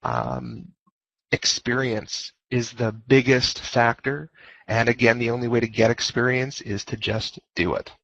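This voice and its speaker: A man's voice: mid-range voice, level tone, a little slow, gravelly, fairly bright tone, no echo. A man giving a guest lecture on leading fleets, talking casually and joking, repeating his key points over a headset. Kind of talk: informal lecture over voice chat. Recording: dull lo-fi voice chat audio.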